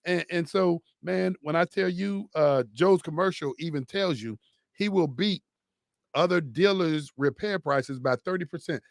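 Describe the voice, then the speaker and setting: Man, radio co-host, animated, emphatic repetition, slightly high voice, dry studio sound. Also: measured pace, gravelly, no echo. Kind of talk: lively radio banter and live sponsor read.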